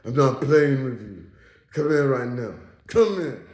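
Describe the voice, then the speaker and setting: A man's voice: mid-range voice, expressive, a little slow, darkish tone, echoey room, natural voice. A man putting on a pushy, flirty come-here voice. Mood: coaxing. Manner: insistent, teasing, repeated commands.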